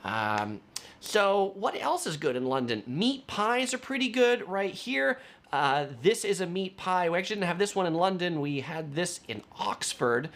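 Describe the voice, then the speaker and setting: A chatty man hosting a travel vlog, rambling along with plenty of fillers. His pitch moves up and down a lot as he talks. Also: big pitch swings, normal speed, fairly bright tone. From United States. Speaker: travel vlogger. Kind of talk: casual travel vlog talk.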